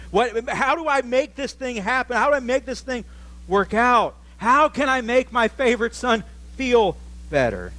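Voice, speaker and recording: A man's voice: very high-pitched, expressive, moderate pace, pushed and bright. A male pastor preaching a sermon, telling a story with animation and questions for the congregation.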